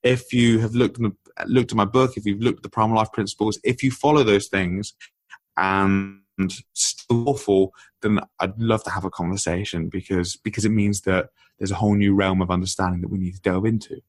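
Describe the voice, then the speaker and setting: A man being interviewed as a guest author on a podcast, explaining ideas in an energetic, conversational way. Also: on the low side, brisk, no room sound.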